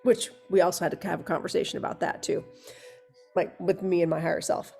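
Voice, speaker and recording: Rambling, animated woman co-host. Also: fairly low pitch, quick pace, gravelly, faint music behind. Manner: rambling, animated storytelling with restarts. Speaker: hypnosis practitioner and co-host. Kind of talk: candid chat.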